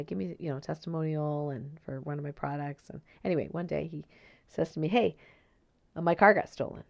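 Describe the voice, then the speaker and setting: A woman hosting a solo podcast, her voice low with a gravelly fry. She talks in a lively, swooping way, full of asides and tag questions. The recording is a little dull and lo-fi. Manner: animated storytelling, acts out quoted voices; conversational, tag questions and fillers. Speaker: podcast host and energy healer.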